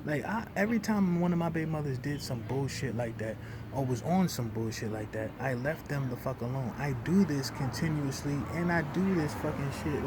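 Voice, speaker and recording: A young man, venting in a heated, profane rant that swings between loud outbursts and low muttering. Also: noisy background.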